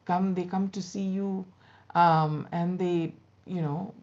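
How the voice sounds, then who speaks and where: A woman's voice: lowish voice, steady tone, takes it slowly, darkish tone. A woman voicing an envious, wide-eyed male crow who talks breathlessly and drops into whispers as he admires the other birds. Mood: admiring. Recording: dull lo-fi recording.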